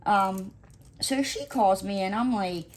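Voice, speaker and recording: Woman, casual crafting chat, rambling, animated storyteller, fillers everywhere. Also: medium pitch, slow. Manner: acts out quoted dialogue. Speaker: crafting vlogger. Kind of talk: casual chat while diamond painting.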